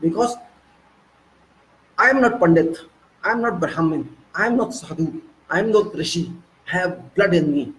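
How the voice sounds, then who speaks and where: A man's voice: high-pitched, normal speed, pauses often, rough recording. A man with an Indian accent delivering an impassioned, ranting political monologue with heavy repetition. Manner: excitable, ranting, repetitive emphasis. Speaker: political commentator.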